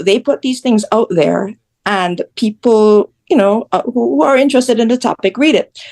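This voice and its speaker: A woman's voice: mid-range voice, a little mellow. A woman from Jamaica, a guest telling her story in a blunt, candid way. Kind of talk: casual interview chat.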